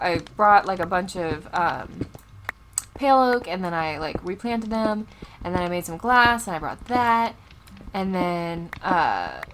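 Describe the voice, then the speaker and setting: A woman's voice: medium pitch, noisy background. A young woman casually commenting on her gameplay as a Let's Play host, chatty and easily distracted. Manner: chatty, easily distracted, loud startled outbursts.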